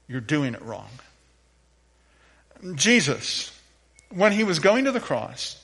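A pastor delivering a sermon in a church, his voice sitting a touch high for a man. He preaches in a playful, animated way and draws the congregation into the fun. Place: church sanctuary.

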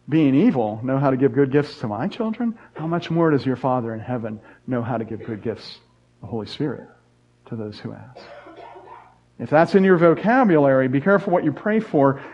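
Earnest middle-aged male pastor, lo-fi. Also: medium pitch. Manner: earnest, repetitive emphasis with joking asides. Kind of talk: sermon. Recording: dull lo-fi sound.

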